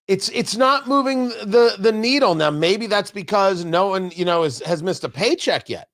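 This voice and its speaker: A man's voice: sits high, lively intonation, normal speed, a bit bright. Guy hosting a political talk show in a studio, sounds indignant and mocking, leans hard on his words. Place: radio studio.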